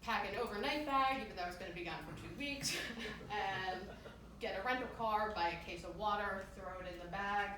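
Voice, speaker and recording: A woman's voice: mid-range voice, brisk, background noise. A woman telling a comedic true story live on stage, self-deprecating and laughing through it. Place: theater stage. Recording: echoey live room from far off.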